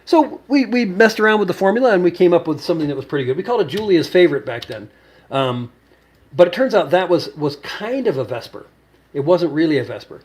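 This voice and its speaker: A man's voice: on the high side, lively intonation, fast, a little mellow. A man hosting a cocktail show, telling a long, rambling story with many fillers and restarts. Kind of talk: casual storytelling to camera.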